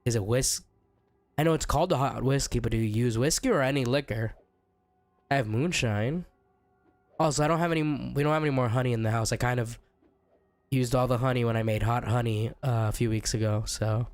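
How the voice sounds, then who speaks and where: A young man streaming a game who is sick and sounds rough. He chats casually, reads chat aloud and jokes with viewers. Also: mid-range voice, a little fast, dry recording, soft background music. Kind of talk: casual chat while gaming.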